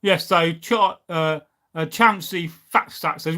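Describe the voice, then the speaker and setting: Man, live chat host, rambling and opinionated, forceful bright tone, slightly high voice. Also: takes it slowly. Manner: rambling, opinionated, chatty with many fillers.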